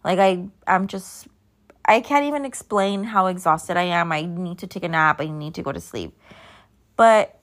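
A woman's voice: on the low side, normal speed. A woman in her thirties hosting a podcast, chatting casually and sleepily, rambling and drifting off track. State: sleepy, yawning. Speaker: podcast host. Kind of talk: casual solo chat.

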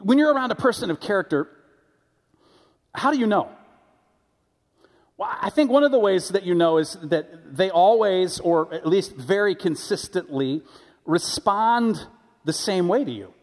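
A man with a fairly high voice preaches in a relaxed, chatty way, telling stories and often restarting mid-sentence. His words ring with a long reverb from a church sanctuary. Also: unhurried, pauses often. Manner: conversational, animated storytelling with frequent restarts. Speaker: pastor. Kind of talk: sermon.

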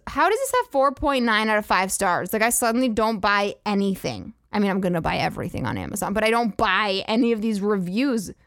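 A woman's voice: fairly high pitch, a bit bright, dry recording, studio quality. A woman hosting a podcast, ranting in a profane, incredulous and sarcastic comedic style. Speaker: podcast host. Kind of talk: comedic rant.

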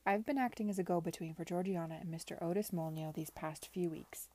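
A woman's voice: on the low side, fast talker, mellow, no echo, lightly acted. A woman reading the part of an anxious, earnest young woman who speaks urgently.

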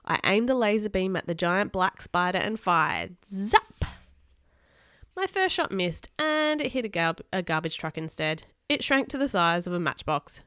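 Expressive woman reading a children's book. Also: fairly low pitch, moderate pace, few pauses, smooth, dry recording, studio quality. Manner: expressive, chatty asides to viewers. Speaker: storybook reader. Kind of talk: reading a children's book aloud on a live stream.

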